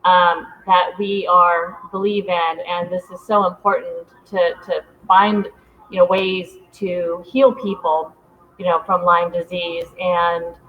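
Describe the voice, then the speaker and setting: Enthusiastic lower-voiced woman host. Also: little pitch movement, slow, slight background noise. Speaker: interview host. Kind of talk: conversational interview. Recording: dull lo-fi sound.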